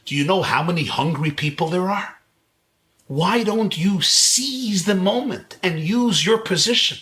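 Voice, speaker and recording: A man from Brooklyn quoting a wise rabbi in a slow, measured, persuasive way during a lecture. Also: sits high, sharp tone, voice pushed up, exaggerated voice. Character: calm, wise elderly male rabbi giving counsel.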